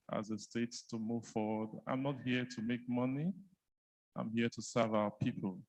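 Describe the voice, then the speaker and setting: A Nigerian man addresses a conference with earnest, heartfelt sincerity. His delivery is slow and measured, and his voice sits at an ordinary middle pitch. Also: low-quality recording. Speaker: health commissioner giving a speech. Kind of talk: emotional public speech. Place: conference hall.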